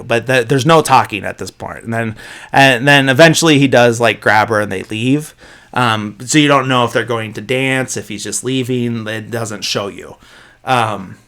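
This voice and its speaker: A man hosting a podcast, casually recapping a film's plot, full of fillers and quick asides where he quotes the characters. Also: medium pitch, clear, resonant tone. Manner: rambling, filler-heavy, quoting characters in a flat voice. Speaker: podcast host.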